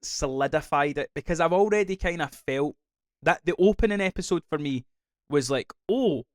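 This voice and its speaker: A Scottish man co-hosting a casual podcast chat, rambling and animated, swearing freely. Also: on the high side, brisk, dry recording, studio quality. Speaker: podcast co-host.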